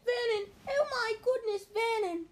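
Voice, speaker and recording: A shrill, nervous aunt whose voice quivers up high and jumps around as she frets, as a woman reading aloud acts her out. Her words come fast and worried. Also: sing-song, mellow. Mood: shrieking. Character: anxious shrill aunt, middle-aged.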